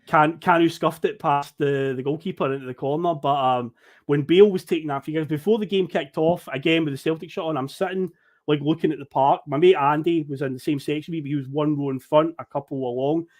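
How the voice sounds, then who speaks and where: A man on a podcast, telling a lively story, acting out the people he met and swearing casually. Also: fairly high pitch, fairly quick. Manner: animated storyteller who acts out quoted people, swears casually.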